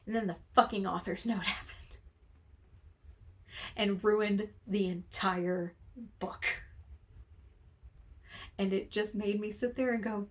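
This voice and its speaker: A woman's voice: mid-range voice, fairly even intonation, slow pace, pauses often. A woman talking casually to camera in a room at home, heated and exasperated, swearing freely as she rants. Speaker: book reviewer. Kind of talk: casual vlog rant. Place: room at home with window open.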